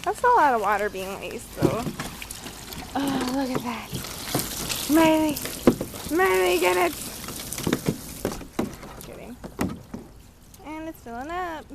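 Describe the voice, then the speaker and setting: A young woman vlogs from her yard in an unhurried, chatty way, her voice sitting a little high. She giggles often and coos at her dog in a sing-song voice. The home-video recording carries clear outdoor noise and animal sounds behind her. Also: sing-song. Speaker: vlogger filming her pets. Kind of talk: casual chat to camera.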